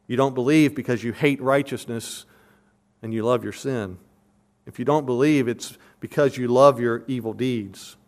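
A man preaching an earnest, emphatic sermon, working through a text verse by verse. He presses his points with repeated questions, then slows down to explain word meanings like a teacher. His voice sits at an ordinary middle pitch for a man. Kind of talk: expository sermon.

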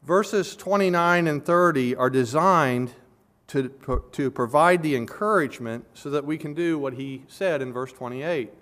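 Man, pastor, expository sermon, earnest, swelling emphasis, drops to soft asides. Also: measured pace. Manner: earnest preaching, voice swelling loud on key words then dropping low.

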